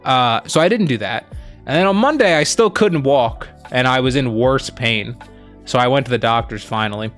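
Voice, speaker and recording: A man casually telling a long story on a stream, rambling with lots of fillers and quoting the people he met, animated as he retells it. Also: medium pitch, moderate pace, faint music behind. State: injured foot, on crutches. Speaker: streamer co-host.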